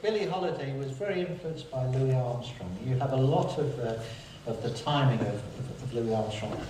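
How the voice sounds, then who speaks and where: An older man, presenting a live lecture-recital from the piano in a chatty, halting, chuckling way. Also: medium pitch, very noisy. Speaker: pianist and presenter. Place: theatre stage with a live audience. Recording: echoey hall, distant mic, loud piano.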